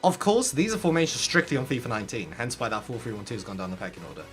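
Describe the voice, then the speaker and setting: A man gives casual gaming tips straight to his viewers. His voice sits at an ordinary middle pitch and he talks in a lively, animated way. Faint music plays underneath. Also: rapid-fire. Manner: animated, addresses viewers directly. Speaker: gaming content creator. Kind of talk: casual tips talk to camera.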